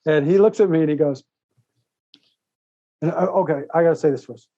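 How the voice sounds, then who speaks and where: A man guest on a podcast, telling a long personal story in a rambling, animated way, laughing often and restarting his sentences. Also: a little high, brisk, no room sound, lo-fi sound. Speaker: podcast guest, author and speaker. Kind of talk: casual interview storytelling.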